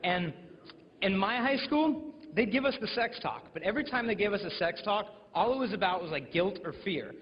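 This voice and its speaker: A young American man in his twenties giving a jokey, animated talk to teenagers, telling stories with acted-out quotes. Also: high voice, moderate pace. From United States. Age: 20s. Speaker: chastity speaker. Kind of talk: humorous motivational talk to teens. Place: large school hall with audience. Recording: lo-fi recording with long hall reverb.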